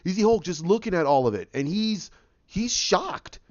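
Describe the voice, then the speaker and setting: A man's voice: high voice, animated, moderate pace, no room sound, highs cut off. A man hosting a podcast, recapping a film casually and acting out scenes with many restarts. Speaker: podcast host.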